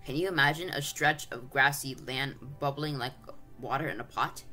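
A steady storybook narrator reading a children's fantasy aloud, mid-pitched and clear. Soft background music plays faintly beneath the reading. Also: normal speed. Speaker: audiobook reader.

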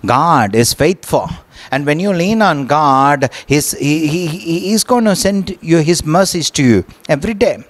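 A male pastor delivers a sermon in an unhurried, earnest way. He keeps asking his listeners "right?" and often stumbles and repeats words as he speaks. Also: a little high, lively intonation.

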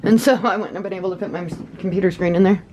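A woman's voice: lowish voice, steady tone, rapid-fire, warm tone, a little hiss or hum. A woman vlogging casually with a gushing, giggly enthusiasm, first at home and then from her car. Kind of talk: casual vlog chat.

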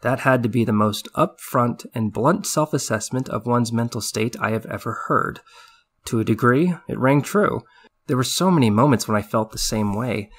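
A man narrating a short story in the first person in a measured, subdued way. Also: medium pitch. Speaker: audiobook narrator.

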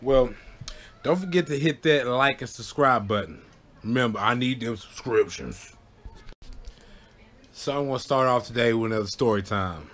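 A young man spinning a childhood story for his viewers, easygoing and rambling. He keeps tossing in "you know what I'm saying" and laughs at his own tale. His voice sits in a middle pitch. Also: lively intonation, normal speed, pauses often, fairly bright tone. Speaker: vlogger. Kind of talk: casual storytelling.

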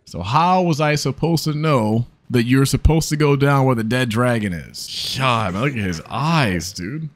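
A man's voice: medium pitch, expressive, measured pace, hardly any pauses, dry recording. A man giving casual, profane commentary as he plays a game, joking and laughing and talking straight to his viewers. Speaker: gaming video creator.

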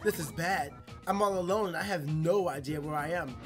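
A man's voice: fairly high pitch, a little fast, music in the background, close to an everyday voice. A man voicing a small, lost and anxious male Goomba minion from a video game, reading the lines aloud in a raised, worried voice.

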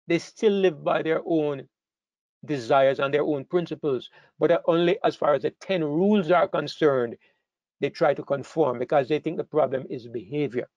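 A man preaching a sermon, emphatic, rising sharply in pitch and volume on key phrases and often restarting his words. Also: darkish tone, no room sound, highs cut off.

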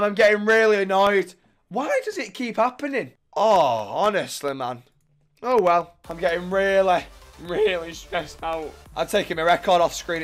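A young man commentating his own football gameplay, swearing, shouting at opponents and ranting in frustration. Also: high-pitched. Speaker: gaming YouTuber.

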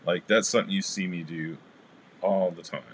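Male craft livestream host, low voice, easygoing and chatty with viewers; light room noise. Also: moderate pace. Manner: chatty, greets live chat viewers by name; relaxed, rambling with fillers. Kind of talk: casual craft demo livestream.

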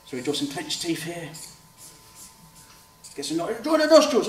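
A man with a high voice and big pitch swings speaks at a measured pace, with crowd noise around him. As an author-illustrator, he chats his way through a step-by-step drawing demonstration and acts out kids' replies. The recording is roomy, mic at a distance, with faint background noise.

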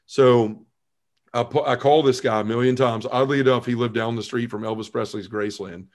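A man in his forties, a podcast guest telling his conversion story in an earnest, animated way, acting out his past self. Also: mid-range voice, brisk.

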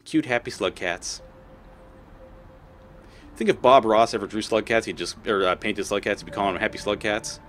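A man's voice: fairly low pitch, normal speed, pauses often, fairly bright tone, soft background music. A man giving casual gameplay commentary as a let's play host; he swears often and talks back at the creatures on screen.

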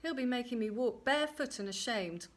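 A woman's voice: on the high side, animated, fairly quick, close to an everyday voice. A woman voicing a fretful young weaver's daughter. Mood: plaintive. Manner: plaintive, anxious.

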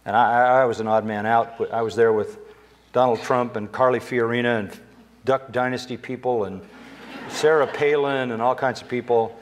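A man's voice: mid-range voice, fairly even intonation, normal speed, a little hiss or hum. Older man preaching an emphatic sermon. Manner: emphatic preaching, rising sharply when quoting Scripture. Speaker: pastor. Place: church sanctuary.

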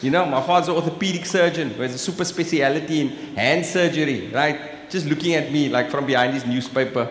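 A man's voice: on the high side, brisk, few pauses, slight background noise. A man in his forties with a South African accent doing live stand-up in a large hall, teasing the crowd. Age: 40s. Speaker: stand-up comedian. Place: large exhibition hall stage. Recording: echoey hall with room ambience.

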